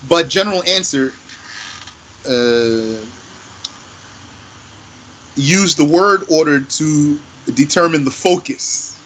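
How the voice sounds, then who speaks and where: A man with a fairly high voice walks students through grammar at a very slow, deliberate pace. He repeats key phrases patiently, like a teacher making sure everyone follows. A faint hiss sits under the recording. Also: fairly bright tone, rough recording. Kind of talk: slow classroom explanation.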